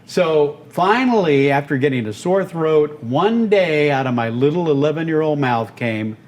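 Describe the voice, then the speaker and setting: A man in his seventies from Texas, an animated storyteller and voice actor being interviewed on a podcast. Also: on the high side, unhurried. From Texas, United States. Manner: animated, breaks into character voices. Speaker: guest, voice actor and radio host.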